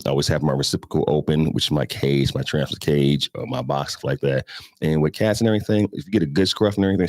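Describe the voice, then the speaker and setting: A man's voice: extremely low pitch, no echo, clean studio sound. A man in his fifties hosting a show, telling stories in a loose, chatty way and talking straight to his listeners. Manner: loose and conversational, addresses listeners as y'all, acts out voices. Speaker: host. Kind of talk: casual storytelling monologue.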